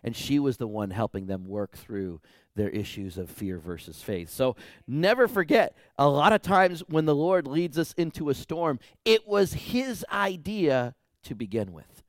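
A male pastor preaching a sermon in animated storytelling, acting out dialogue and swinging from loud to hushed. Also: mid-range voice, a little slow, no echo, studio quality.

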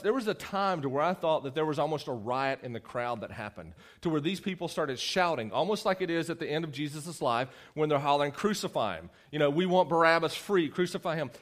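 Young male youth preacher, slightly higher voice, lively and teasing in a casual sermon. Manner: animated, conversational, teasing the audience.

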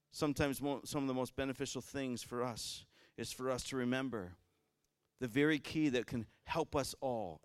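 A man preaching a sermon as pastor, swinging from loud fervent passages to quiet conversational ones. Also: medium pitch, no room sound, studio quality.

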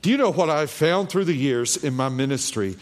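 A man's voice: a little high, lively intonation, fairly quick. A man preaching a sermon as the pastor, telling a childhood story and asking his congregation rhetorical questions. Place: church hall. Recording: long hall reverb.

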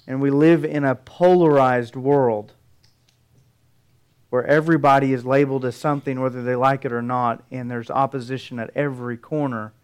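Earnest preaching man, smooth voice. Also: medium pitch, steady tone, moderate pace, darkish tone. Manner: earnest preaching with building emphasis. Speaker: pastor. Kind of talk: sermon.

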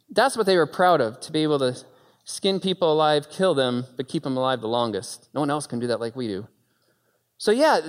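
A man preaching a sermon with animated storytelling and dramatic pauses, recorded in a church hall. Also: on the high side.

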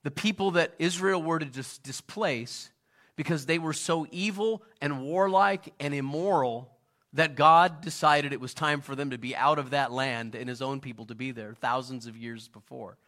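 Middle-aged guy preaching, chatty, keeps asking the crowd stuff, bright sharp voice. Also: medium pitch, normal speed. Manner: conversational, questions the audience. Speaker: pastor. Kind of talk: sermon.

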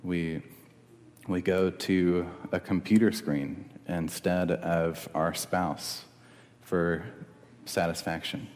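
Deep slow-speaking young pastor in a hall. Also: male voice, level tone, a little mellow. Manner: earnest, conversational preaching with restarts. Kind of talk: sermon. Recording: long reverb of a hall.

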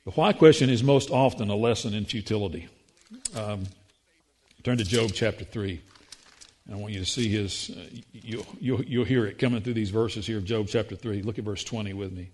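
A man's voice: fairly low pitch, a little mellow, slightly rough. A man preaching a sermon as pastor, earnest, with frequent restarts and rhetorical questions.

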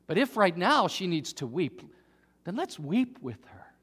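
A man preaching a sermon, earnest, dropping to a hush and then rising to emphatic peaks. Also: high voice, sing-song, a little slow, husky. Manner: earnest, swings from hushed to emphatic. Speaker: pastor. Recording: long hall reverb.

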